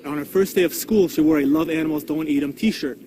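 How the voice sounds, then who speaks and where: A man's voice: a little high, a little fast, background noise. A male activist in a documentary interview, talking earnestly and urging listeners to take action. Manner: earnest, rallying, motivational. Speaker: street activist and father.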